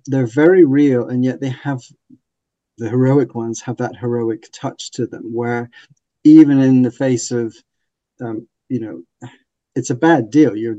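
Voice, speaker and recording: Male podcast host, eager book talk, mellow voice, dull lo-fi sound. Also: medium pitch, dry recording. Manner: enthusiastic, laughs often. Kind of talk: casual book discussion.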